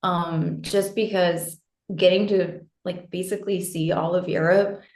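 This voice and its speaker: A friendly American woman chatting as an interview guest, her low voice slightly gravelly with fry. She talks loosely with lots of fillers, heard over a video call in a roomy, echoey space. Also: fairly even intonation, measured pace, darkish tone. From New Hampshire, USA. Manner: friendly, laughs easily, many fillers like um and like. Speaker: guest, fitness coach. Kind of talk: casual interview chat.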